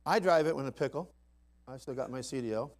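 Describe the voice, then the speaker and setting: A man preaching a sermon in a folksy, emphatic way, dropping to soft asides and rising to loud climaxes. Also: medium pitch, fast. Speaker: pastor. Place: church sanctuary.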